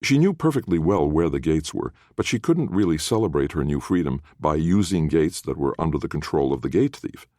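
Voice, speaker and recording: A man giving expressive, scripted audiobook narration of a fantasy story. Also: very deep voice, fairly quick, few pauses, no room sound, studio quality.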